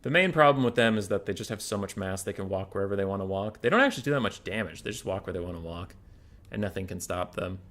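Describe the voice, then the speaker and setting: A man's voice: low voice, expressive, fast talker, fairly bright tone. A man casting a strategy game tournament live on stream, chatty and prone to digressions, talking to his chat between calls.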